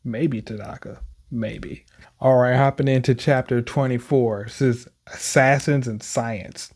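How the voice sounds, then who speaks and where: A man's voice: medium pitch, steady tone, a little slow, a little mellow. A man hosting a manga reaction, chatting casually and reading the panels aloud in loose, slangy commentary.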